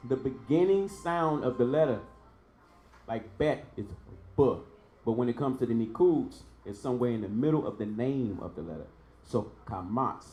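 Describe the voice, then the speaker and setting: A man's voice: mid-range voice, a little mellow, reverberant. A man teaching a Hebrew class, patiently repeating each sound for his student. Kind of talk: online language lesson.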